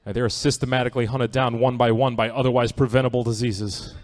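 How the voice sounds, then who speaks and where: This stand-up comedian on a theatre stage talks fast in a medium-pitched voice with little pitch movement. His style is loose, wry, and conversational, and he often asks the audience "right?".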